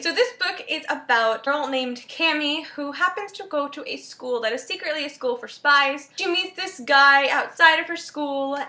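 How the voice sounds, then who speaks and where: Young woman, high bright voice, chatty book vlogger, echoey room. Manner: chatty and animated, with many "like" fillers. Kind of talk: casual storytelling to camera.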